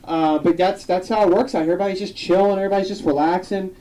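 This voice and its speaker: Young man, stand-up comic, mellow tone, a little distant from the mic, loose storytelling. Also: high-pitched, steady tone. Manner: loose, conversational storytelling with quick acted quotes. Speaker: stand-up comedian. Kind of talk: live stand-up set. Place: comedy club stage with a live audience.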